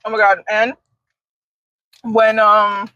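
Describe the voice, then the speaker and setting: A woman's voice: mid-range voice, level tone, slow, sharp tone, lo-fi sound. A young woman chatting casually in a parked car, reacting to stories and adding her own. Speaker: co-host. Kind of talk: casual gossip chat.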